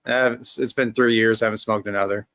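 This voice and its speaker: A man's voice: on the low side, steady tone, fast, pushed and bright, dry recording. A man hosting a casual chat, rambling with lots of like and you know. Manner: rambling, many fillers and restarts. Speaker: podcast host.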